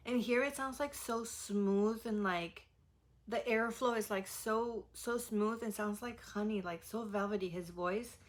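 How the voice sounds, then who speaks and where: A woman's voice: mid-range voice, unhurried. A woman giving a casual music reaction, gushing and rambling with many fillers. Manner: gushing, rambling, heavy use of "like". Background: faint song playing.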